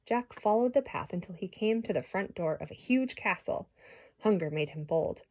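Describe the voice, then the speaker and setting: A woman reading a children's story aloud in an expressive way, with small slips and restarts. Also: medium pitch, moderate pace, muffled recording. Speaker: storybook reader.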